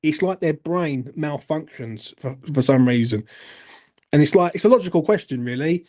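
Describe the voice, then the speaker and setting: Thirties bloke, fan-channel live host, slightly high voice with a warm, dark tone, sweary and chatty. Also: male voice, lively intonation, normal speed. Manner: blunt, sweary, chatty, addresses viewers as mate. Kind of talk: live-stream fan chat, reading viewer comments.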